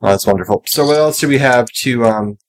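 A man's voice: mid-range voice, brisk, low-quality recording. A man hosting a podcast, chatting casually in a rambling, wry way with many restarts. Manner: rambling, self-interrupting, wry. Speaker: podcast host.

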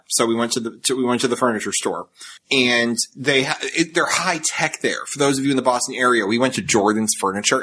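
A man hosting a podcast, telling stories in a joking, animated way during casual chat. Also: medium pitch. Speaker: podcast host.

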